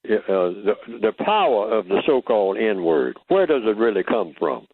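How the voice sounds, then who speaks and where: A man's voice: fairly low pitch, sing-song, moderate pace, vocal fry, dry recording. An older man speaking as a guest on a radio talk show, teaching emphatically and asking rhetorical questions. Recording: tinny phone line, dry.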